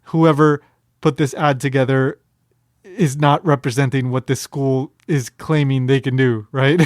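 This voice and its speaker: A man's voice: medium pitch, steady tone, unhurried, no room sound, studio quality. A man hosting a podcast in casual commentary, rambling with fillers and restarts and a wry, amused manner. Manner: wry, amused, breaks into chuckles. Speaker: podcast host.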